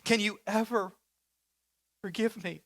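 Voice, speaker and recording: A man voicing a remorseful young woman, rehearsing a halting, tearful apology to her father. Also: high-pitched, steady tone, fairly bright tone, voice pushed up. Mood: pleading.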